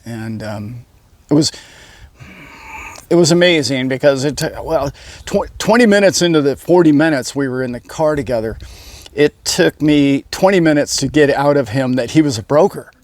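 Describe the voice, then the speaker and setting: A man, a channel host, telling a story in a casual monologue that rambles, with many pauses and self-corrections. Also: mid-range voice, animated, no echo. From United States. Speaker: channel host, boat captain.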